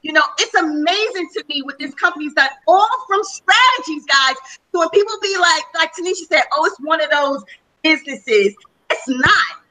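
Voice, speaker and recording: A woman's voice: extremely high pitch, lively intonation, fairly quick, pushed and bright, rough recording. A woman speaking as a panel guest on a webinar, telling her personal story with enthusiasm. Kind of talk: testimonial on a webinar call.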